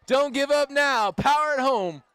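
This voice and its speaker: A man calling a street bike race live outdoors, excited and playful, cheering the riders on. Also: extremely high pitch, unhurried, dry recording. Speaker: race announcer.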